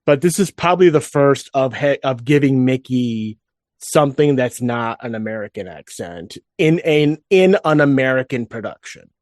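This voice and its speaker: A man's voice: medium pitch, expressive, normal speed, no room sound, studio quality. A man co-hosting a casual fan podcast, rambling with frequent restarts and asides. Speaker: podcast co-host.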